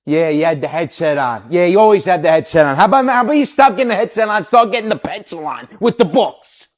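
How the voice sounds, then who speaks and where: A cranky suburban father, as a man puts him on, cursing and grumbling at his household. His pitch rises a little above the typical man's and leaps around from low mutters to loud yells, in a comedy sketch reel. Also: lively intonation, fast talker, dry recording. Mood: scolding. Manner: cursing, grumbling, barking at family. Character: loud, cursing suburban New York dad.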